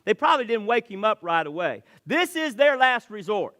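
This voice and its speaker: A male pastor preaching a sermon in church, swinging between loud emphasis and hushed, quiet lines, sometimes repeating words as he starts a thought. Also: sits high, very animated, moderate pace.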